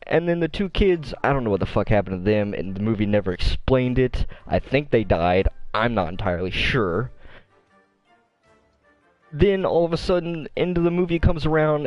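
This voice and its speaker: A man co-hosts a casual podcast and tears into a subject in a loud, profane rant. His storytelling is animated and full of swearing. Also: mid-range voice, no room sound. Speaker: podcast co-host.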